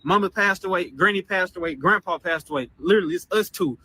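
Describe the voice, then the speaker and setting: Aggrieved young man, high and bright. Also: husky. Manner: aggrieved, rambling, fast and repetitive. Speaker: guest telling his story. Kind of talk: casual venting to camera.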